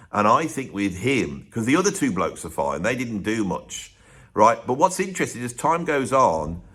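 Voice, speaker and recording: A man's voice: lowish voice, fairly bright tone, slightly rough. A man hosting a ranked music commentary, chatty and opinionated with joking asides. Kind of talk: casual ranked commentary monologue.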